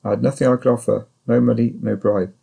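Gravelly, husky male audiobook narrator. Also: medium pitch, fairly even intonation, dark tone. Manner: measured, sombre first-person storytelling.

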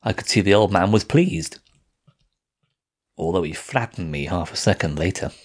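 A man narrating a first-person audiobook in a measured, steady reading voice. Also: low-pitched.

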